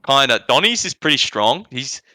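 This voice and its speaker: Bright-voiced Australian man, casual chat. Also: medium pitch, sing-song, moderate pace, no room sound. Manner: swearing, joking, laid-back. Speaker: podcast guest.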